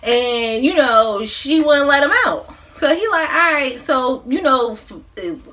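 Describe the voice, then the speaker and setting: A woman's voice: high voice, animated, slow pace, fairly bright tone. A woman in her thirties, a mukbang vlogger, casually recapping a movie plot while she eats, in a loose, profane, slangy way.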